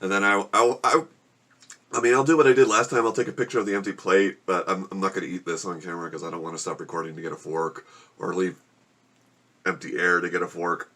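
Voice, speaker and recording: A man with a somewhat low voice talks casually to the camera from his room at home. He groans and complains as he struggles through a very spicy meal. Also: fairly even intonation, quick pace, a bit bright. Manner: groaning and complaining while eating spicy food. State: suffering from spicy food. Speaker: vlogger. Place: home room with a gecko habitat.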